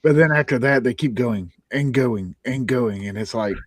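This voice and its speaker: Animated man telling a gaming mishap. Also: mid-range voice, normal speed, no echo. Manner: animated storyteller, swears when excited. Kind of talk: casual gaming chat.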